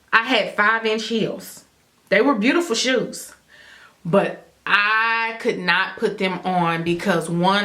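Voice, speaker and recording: Woman vlogger, casual storytime delivery, animated and direct to camera. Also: medium pitch. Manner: animated, addresses viewers as y'all, acts out her own inner thoughts. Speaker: vlogger telling her wedding story.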